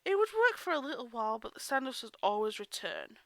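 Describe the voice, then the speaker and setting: A woman's voice: fairly high pitch, very animated, fast talker, a bit bright. Chatty woman reading a story aloud. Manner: chatty asides, self-interrupting. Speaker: reader of fan fiction. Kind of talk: casual storybook read-aloud.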